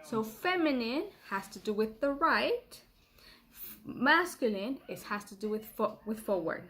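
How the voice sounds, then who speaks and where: A middle-aged woman teaching a children's language lesson in a playful, patient way, repeating words slowly for pupils to copy. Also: fairly high pitch, expressive, fairly bright tone. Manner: playful, laughs at herself.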